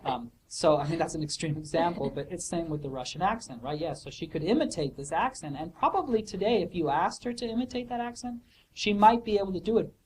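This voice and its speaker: A man's voice: high voice, lively intonation, fast, a little mellow, slight background noise, rough recording. A man answering student questions in a casual academic way, thoughtful and hesitant, with many fillers and restarts. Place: office hour recording.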